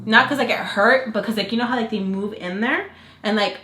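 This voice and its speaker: A woman's voice: medium pitch, fairly quick. Chatty young woman vlogger, echoey room. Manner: chatty, animated, lots of fillers. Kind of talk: casual storytelling to camera.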